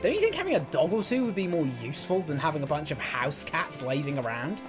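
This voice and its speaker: A co-host giving casual commentary on a video game, animated and quick to laugh, often bursting into loud, shouted comic impressions. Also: medium pitch. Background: game music.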